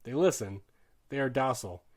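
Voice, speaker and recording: A man narrates a war novel as an audiobook in a voice of middling pitch. His reading is earnest and dramatic. He drops low for grim passages and rises for tense ones. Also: animated, brisk. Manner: earnest, shifts loudness sharply with the drama. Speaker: audiobook reader.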